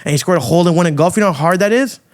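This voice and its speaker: A man hosting a podcast, delivering a loud, crude, provocative rant full of swearing. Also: high voice, racing. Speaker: podcast host. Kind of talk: ranting monologue.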